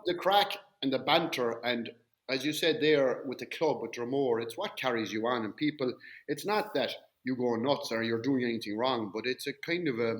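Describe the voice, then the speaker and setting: A middle-aged man hosts a relaxed podcast chat. His voice has an ordinary middle pitch. He tells lively anecdotes and acts out the lines of the people he quotes. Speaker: podcast host, former player. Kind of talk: casual storytelling chat.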